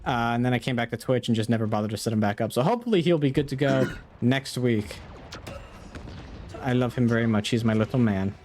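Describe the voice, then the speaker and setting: A man's voice: mid-range voice, brisk, a little mellow. A man hosting a gaming stream, chatting casually and upbeat, laughing often while he plays.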